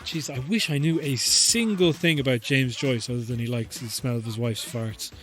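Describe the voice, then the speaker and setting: Profane, rambling podcast host. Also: male voice, medium pitch, moderate pace, a bit bright. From Ireland. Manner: profane, rambling, joking, laughs often. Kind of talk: comedic rambling chat.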